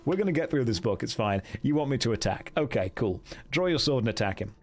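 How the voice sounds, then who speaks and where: Lively man streaming a gamebook. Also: mid-range voice, quick pace, few pauses. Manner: animated, chatty, reads story passages aloud to viewers. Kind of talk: live-streamed gamebook play with chat votes.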